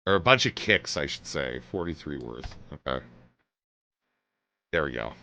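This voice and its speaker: A man's voice: a bass voice, lively intonation, normal speed, sharp tone. A male streamer chatting casually on a livestream, laughing easily between chatty asides.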